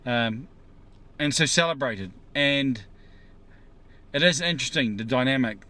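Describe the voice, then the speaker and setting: A man's voice: medium pitch, expressive, unhurried, bright, forceful tone. Man musing aloud from a parked car. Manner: musing, rambling, asks viewers questions. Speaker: vlogger. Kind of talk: casual monologue to camera.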